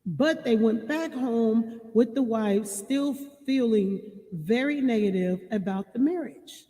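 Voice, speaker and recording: A woman giving relationship advice to her viewers, reading passages and repeating key lines slowly for emphasis. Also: fairly high pitch, mellow, big-room sound. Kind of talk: reading and commenting on a marriage book.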